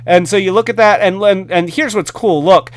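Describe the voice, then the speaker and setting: A man's voice: high voice, moderate pace. A man hosting a casual hands-on toy review, enthusiastic and rambling. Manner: enthusiastic, rambling with fillers and restarts.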